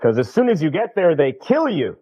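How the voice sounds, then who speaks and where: A man doing stand-up comedy and talk-show banter, animated, breaking into loud shouted voices for his punchlines. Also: on the high side, fairly quick, slightly rough, dull audio.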